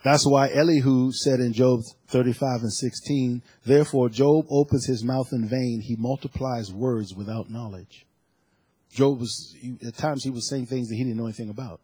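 A man preaching a sermon, repeating phrases and swinging from quiet asides to loud, emphatic cries. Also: mid-range voice, steady tone, moderate pace, husky, no room sound. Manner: preaching with call-and-response phrasing.

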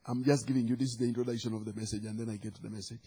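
A middle-aged man from Uganda with a Ugandan accent, preaching a sermon, swinging from soft asides to loud proclamations. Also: mid-range voice, level tone, racing, husky. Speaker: pastor.

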